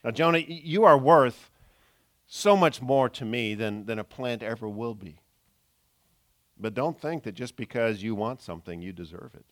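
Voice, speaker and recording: A man preaching a sermon in an earnest way, moving between loud emphasis and soft, low asides. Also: lively intonation, normal speed. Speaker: pastor.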